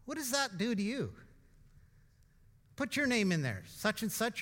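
High bright-voiced man preaching. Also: sing-song, measured pace, in a large hall. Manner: informal and emphatic, with asides and rhetorical questions. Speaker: pastor. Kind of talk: conversational sermon. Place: church.

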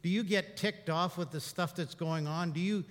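A male pastor preaching a sermon, telling stories and moving between hushed reflection and animated telling. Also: fairly high pitch, normal speed, in a large hall.

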